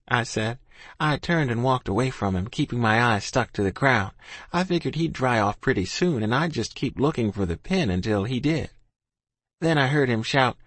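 A man reads a first-person story aloud in a folksy rural dialect, his middle-pitched voice rising and falling in a very lively way. The recording is close and dry, with no room sound. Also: normal speed, no echo. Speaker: audiobook narrator.

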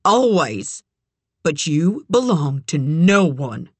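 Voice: mid-range voice, big pitch swings, takes it slowly, breathy edge, no echo, heavily acted. A reader voicing a wounded woman fighting to protect a child in an audiobook thriller, her voice pleading and tearful. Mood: tender. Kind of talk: audiobook character voice.

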